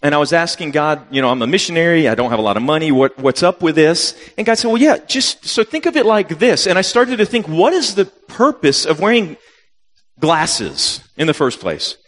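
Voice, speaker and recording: A man in his fifties, a missionary telling a funny personal story in a sermon, acting out his own reactions with sudden loud jumps. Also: fairly high pitch, animated, a little fast. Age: 50s. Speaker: missionary preacher. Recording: long reverb of a hall.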